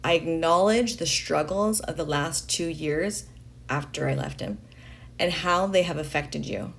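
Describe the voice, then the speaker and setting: Low-voiced woman reading a letter aloud. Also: animated, a little slow, gravelly, a bit bright. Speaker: reader of a letter.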